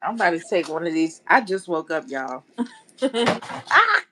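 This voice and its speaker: A woman's voice: lowish voice, very animated, unhurried, noisy background. Chatty woman hosting a live stream. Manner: loose and chatty, addresses viewers as y'all. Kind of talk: casual live stream chat.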